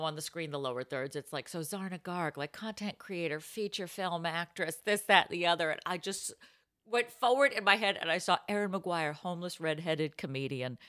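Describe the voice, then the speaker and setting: A young adult woman, a comedian and podcast host, telling a story in a breathless, laughing, animated way. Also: lowish voice, no room sound, clean studio sound. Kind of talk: casual storytelling chat.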